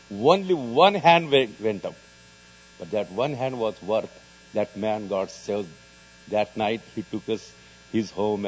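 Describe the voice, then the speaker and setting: A man with an Indian English accent tells his own testimony to a congregation, earnest and storytelling, lifting loud and high when the story turns dramatic. His voice sits somewhat low. The recording is dull and lo-fi, with a faint mains hum underneath. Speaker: evangelist preaching in jails.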